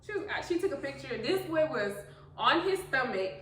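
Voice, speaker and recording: A bright-voiced young woman tells stories in a casual chat between moms, acting out every scene and breaking into big laughs. Her voice sits a little high and sounds set back from the mic in an echoey room. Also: moderate pace, far from the mic. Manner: animated storyteller, acts out scenes with big laughs. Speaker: host.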